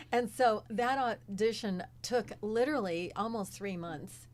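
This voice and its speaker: A woman in her seventies speaks as an interview guest, with a middle-pitched voice and a talkative way of telling stories. Small laughs slip in often between her sentences. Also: slow pace. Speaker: guest, former child actress. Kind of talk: casual interview storytelling.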